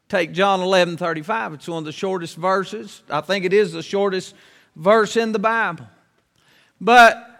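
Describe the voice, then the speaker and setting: High-voiced preacher man, earnest. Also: sharp tone, smooth, big-room sound. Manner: earnest, repeats key phrases with slow emphatic pauses. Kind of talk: sermon.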